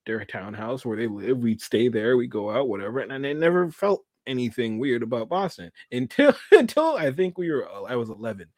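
A man from Canada telling a story in casual podcast chat, animated and laughing often. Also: medium pitch, a little fast, hardly any pauses, no room sound, studio quality.

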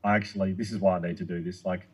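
Man, husky, low voice, rapid excited storytelling, casual chat. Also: poor audio. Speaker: guest speaker.

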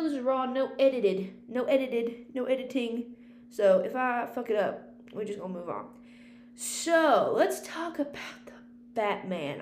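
A woman talks through her podcast in a loose, rambling, chatty way, dropping casual swear words as she goes. Her voice sits at an ordinary middle pitch for a woman. It was recorded in an echoey room with a faint hum underneath. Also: darkish tone. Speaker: podcast host and film critic. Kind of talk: casual unscripted podcast chat.

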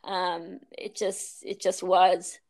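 A woman's voice: lowish voice, level tone, takes it slowly, a little mellow. A woman yoga teacher telling stories in a casual interview, chatty, laughing often, with many ums and restarts.

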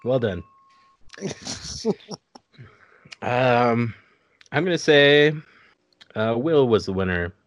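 A man hosting a casual podcast, running a party game with a relaxed, chuckling manner. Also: mid-range voice, drawn-out words, pauses often, no echo, highs cut off. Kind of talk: casual chat.

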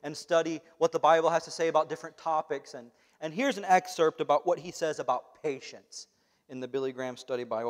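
A young man giving a conversational sermon in a church hall, moving between quiet asides and loud, emphatic bursts. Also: on the high side, a little fast. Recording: long hall reverb.

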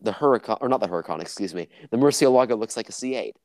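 A man's voice: on the low side, animated, rapid-fire, a little mellow, no echo. A young man in casual podcast chat, teasing and quizzing his friend.

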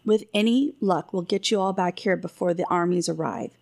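Brief: gruff old storybook king, grumbling and commanding, gravelly edge, read by a woman. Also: lowish voice, normal speed, a little mellow. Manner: grumbling, then commanding orders. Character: gruff jovial old king, blunt and impatient.

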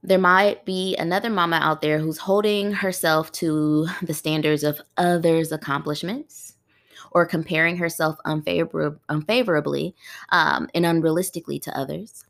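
A woman's voice: deep voice, fairly even intonation, normal speed, vocal fry, a bit bright. A woman hosting a podcast in a casual, conversational way, often putting rhetorical questions to her listeners. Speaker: podcast host. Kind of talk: casual solo podcast talk.

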